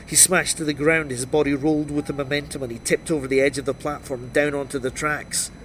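A man's voice: a little high, little pitch movement, fairly quick, a bit bright, slight background noise. Man narrating a gritty crime thriller. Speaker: audiobook narrator. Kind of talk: first-person crime novel narration.

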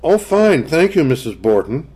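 A loud, unfailingly cheerful young schoolteacher, as a male narrator voices her, pitched high above his usual voice. Brisk and jovial, with a lively, swinging melody. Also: slightly rough.

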